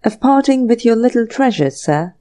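A woman's voice: on the high side, lively intonation, normal speed, dark tone, pitched above the performer's own voice, natural voice. A woman voicing a polite, apologetic male manservant in an audiobook reading. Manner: respectful, ends phrases with "sir".

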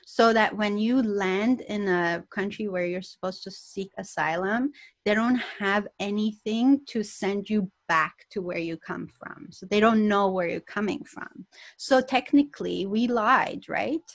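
Animated woman telling her story. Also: medium pitch, measured pace, no echo. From Canada. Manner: animated storyteller, laughs often, acts out quotes. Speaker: podcast guest. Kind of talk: storytelling interview.

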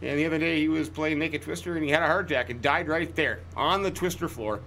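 A man narrates his farming game in a folksy, rambling way, full of jokey asides and sudden exclamations. His voice sits a bit high for a man and rings bright and forceful, with faint ambient noise behind him. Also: fast talker. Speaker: gaming channel host. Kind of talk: in-character let's-play commentary.

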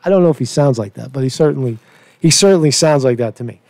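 A man's voice: medium pitch, fast, gravelly, a little mellow, no room sound. A middle-aged man with a Brooklyn accent, ranting profanely in a rambling commentary and often asking "right?". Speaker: online commentator.

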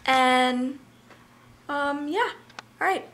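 A teenage girl vlogging outdoors in her yard, excitable and swearing a lot as she calls her dogs. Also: high-pitched, drawn-out words. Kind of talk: casual vlog. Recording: noisy outdoor ambience.

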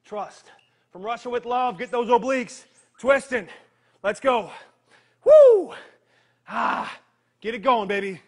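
A man leading a live workout, energetic and joking, counting down reps while he strains through the exercises himself. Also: very high voice, measured pace, husky. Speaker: fitness trainer.

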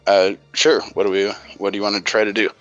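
A man narrating as game master of a tabletop game, with a hesitant, measured delivery. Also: fairly low pitch, level tone, fairly bright tone, no room sound, highs cut off, faint music behind.

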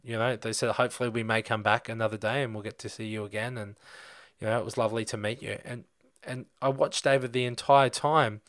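A man's voice: mid-range voice, no echo, clean studio sound. A young Australian man hosting a podcast, telling a rambling personal story in a casual way with lots of fillers. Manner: rambling, animated anecdote with many fillers. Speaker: podcast host.

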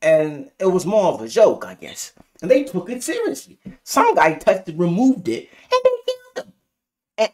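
A man from Africa giving a rambling, animated and profane casual review of a TV episode. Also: normal speed. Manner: rambling, animated, profane, swings pitch widely. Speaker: TV show reviewer.

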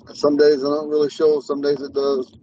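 Man, lisp, earnest rambling talk, driving, slightly high voice, faint hiss behind. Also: completely flat delivery, brisk, dark tone, recorded from a distance, highs cut off. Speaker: Ponca language teacher. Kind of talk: casual talk while driving. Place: inside a car on the road.

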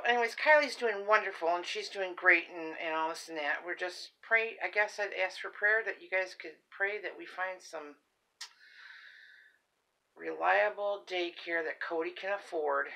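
A woman's voice: medium pitch, sharp tone, low-quality recording. An older woman, a grandmother, chatting casually and rambling in a folksy way while showing a shopping haul; she says she is tired. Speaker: haul vlogger. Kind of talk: casual chat.

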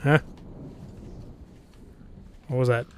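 A let's play gamer gives casual live commentary on his own gameplay, his words drawn out and his tone a little mellow. He talks nervously to himself, swears often, and reacts out loud to what happens in the game.

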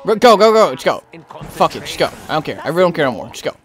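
A man commentating his own gameplay, frantic, yelling, swearing at the game and talking to his viewers. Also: on the high side, sing-song, rapid-fire. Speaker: gaming channel host.

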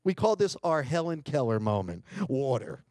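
A man's voice: mid-range voice, very animated, normal speed, darkish tone, dry recording, studio quality. A middle-aged man giving a keynote talk, telling a family story dramatically and acting out quotes. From United States. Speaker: keynote speaker. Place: lecture hall.

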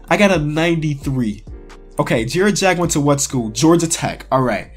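A man talks his way through a sports quiz, excitable and quick to cry out when he misses one. His voice sits a little high, and faint music plays under him. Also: breathy edge. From Chicago area. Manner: excitable, talks to himself, cries out in frustration. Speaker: sports YouTuber. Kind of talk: casual quiz commentary.

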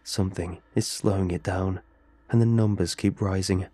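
A man voicing a flat, robotic text-to-speech reading of a dying man's note, spoken without intonation and with a deep, dark, husky voice. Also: moderate pace, dry recording. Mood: bleak.

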